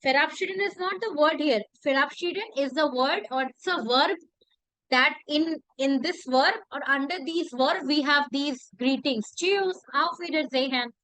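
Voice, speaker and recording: High-voiced woman teaching, dry close sound. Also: fairly bright tone, no echo, rough recording. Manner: repeats phrases slowly, asks rhetorical questions. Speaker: language teacher. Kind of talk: classroom lesson.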